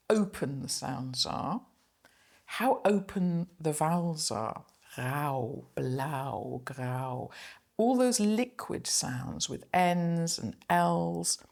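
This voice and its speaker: A middle-aged woman lecturer talking through a poem reflectively, reading its German lines slowly aloud. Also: low voice, creaky. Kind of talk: spoken poetry analysis lecture.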